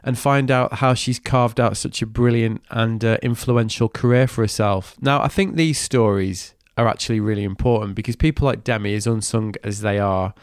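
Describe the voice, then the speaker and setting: A man's voice: on the low side, normal speed, few pauses, dry recording, clean studio sound. A man from Manchester with a cold that makes him nasal, hosting a podcast with a cheeky, enthusiastic manner. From Manchester, England. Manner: enthusiastic, cheeky, swears casually. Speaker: podcast host. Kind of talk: scripted intro, then casual interview chat.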